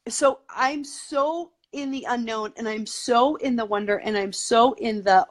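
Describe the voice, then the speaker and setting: A talkative woman guest with a fairly high voice, chatting in a loose, eager way. She fills her sentences with "like" and "you know" as she explains her ideas to an interviewer. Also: unhurried, hardly any pauses. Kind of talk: casual conversational interview.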